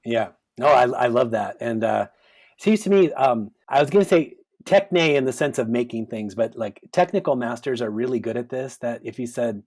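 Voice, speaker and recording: Man, podcast guest, mid-pitched, thoughtful and animated, acts out quotes. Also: moderate pace. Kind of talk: conversational interview.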